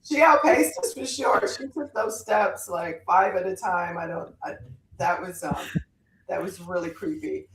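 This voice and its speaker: A woman guest author telling a story in casual chat, animated and given to sudden loud bursts. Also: fairly low pitch, a little slow, roomy sound, rough recording.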